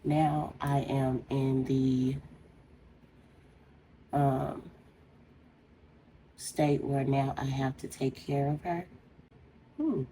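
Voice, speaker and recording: A woman's voice: rumbling low, steady tone, extremely slow, pauses often, warm tone, slight background noise, rough recording. A woman beauty vlogger talking casually and heartfelt as she rambles through a personal story while doing her makeup.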